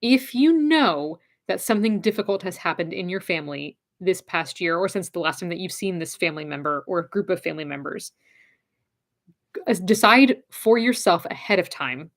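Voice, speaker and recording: A woman's voice: on the low side, animated, a little fast. Direct, encouraging woman giving advice. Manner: encouraging, direct, repeats her key phrases. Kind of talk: casual advice talk.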